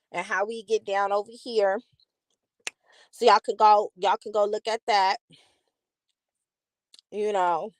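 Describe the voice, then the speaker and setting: With a mid-range voice and a dry, close recording, a chatty woman hosting a channel riffs casually for her live chat. She's animated and talks straight to the people watching.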